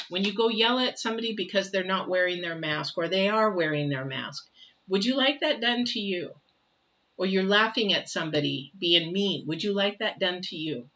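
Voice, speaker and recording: A woman's voice: medium pitch, bright, forceful tone, a little hiss or hum. An older woman giving a casual tarot reading, chatty and repetitive, often asking rhetorical questions. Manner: chatty, repeats phrases, asks rhetorical questions. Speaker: tarot reader. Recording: dull lo-fi recording.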